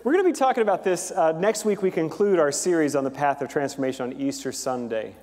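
Male pastor preaching, kinda high voice, chatty with lots of ums, big echoey church. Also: quick pace. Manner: animated joke-telling, chatty with fillers. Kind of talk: sermon. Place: large church sanctuary. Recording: long hall reverb.

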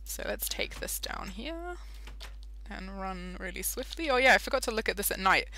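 A woman's voice: mid-range voice, very animated, moderate pace, sharp tone, slight background noise. A young British woman giving casual, giggly commentary while playing Minecraft, easily sidetracked. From Britain. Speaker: Minecraft let's-play host.

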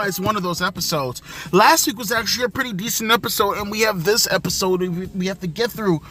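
Young male reviewer, very high bright voice, furious sarcastic swearing rant, faint music behind. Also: expressive, fairly quick, hardly any pauses. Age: young adult. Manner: angry, sarcastic, heavy swearing. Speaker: wrestling show reviewer. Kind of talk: profane ranting show review.

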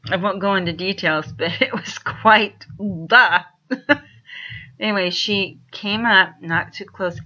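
A woman from Washington State tells rambling animal stories in a slow, casual monologue, often chuckling and restarting her sentences. Her voice is low yet bright, and the recording is dull and lo-fi.

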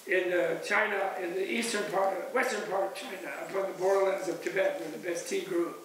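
A man giving a spiritual teacher's closing talk at a retreat. He speaks in an animated, digressive way, often chuckling. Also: sits high, a little fast. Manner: animated and digressive, chuckling, acting out voices of others. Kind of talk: discursive spiritual lecture. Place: large echoey hall at a retreat center. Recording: echoey, distant room recording with faint hiss.

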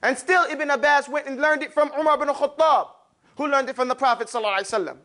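A man with a high, bright voice leads a classroom lesson on pronouncing letters. He talks to his students in an animated way and exaggerates each sound so the room can copy it. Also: fast talker. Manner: animated, demonstrates sounds with exaggerated mouth shapes. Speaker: Arabic pronunciation teacher.

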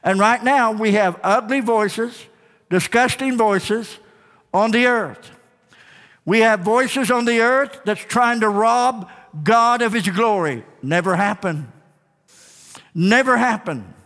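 High-voiced preaching pastor in a reverberant church. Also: male voice, takes it slowly, a bit bright. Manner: emphatic preaching with call-and-response, repeated phrases. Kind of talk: sermon. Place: church sanctuary. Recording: long reverb of a church sanctuary.

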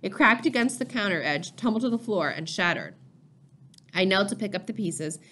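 A woman reading a first-person novel aloud in a steady, measured storytelling voice. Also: mid-range voice, a little hiss or hum. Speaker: audiobook reader. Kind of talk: first-person scripted narration.

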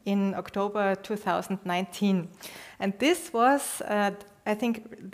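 Woman moderating a formal event. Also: mid-range voice.

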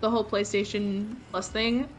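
A woman's voice: mid-range voice, flat delivery, moderate pace, soft background music. A woman patiently talking a friend through a video game, giving step-by-step directions. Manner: patient, instructive, laughs easily. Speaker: co-player guiding the gamer. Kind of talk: casual gameplay guidance.

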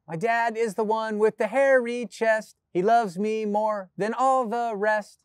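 A man voicing an excitable young child full of questions in a storybook reading. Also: extremely high pitch, a little slow, no room sound, clean studio sound, pitched above the performer's own voice, full character voice. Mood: playful.

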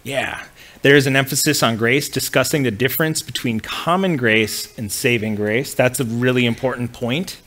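Male pastor, mid-range voice, conversational teaching, relaxed restarts. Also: mid-range voice, moderate pace, few pauses. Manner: conversational, with frequent fillers and restarts. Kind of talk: teaching a church class.

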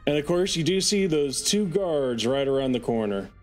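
A man running a tabletop game as game master. He counts out movement and narrates the enemies' actions calmly. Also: on the high side, measured pace, faint music behind.

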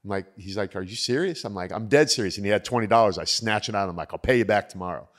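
This middle-aged man hosts a casual podcast chat, speaking fast in a lowish voice. He's an animated storyteller who acts out the quotes as he goes.

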